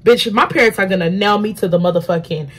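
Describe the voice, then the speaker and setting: A young woman telling a profane, animated storytime in casual vlog style, acting out the people in it. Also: mid-range voice, fast. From African family. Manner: animated, profane, acts out quotes loudly. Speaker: beauty vlogger.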